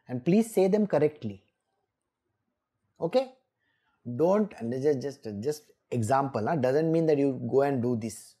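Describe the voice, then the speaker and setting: A woman's voice: low-pitched, animated, a little slow, long pauses, warm tone, husky. A woman giving a scripture exposition, emphatic and scolding, often laughing. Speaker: spiritual teacher.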